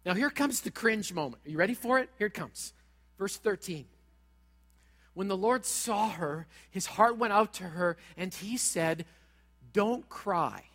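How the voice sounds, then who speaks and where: A pastor preaching a sermon in a church, talking straight at the congregation in a dramatic way. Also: male voice, high-pitched, animated, moderate pace, a bit bright, long reverb tail. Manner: dramatic, direct, acts out quoted voices.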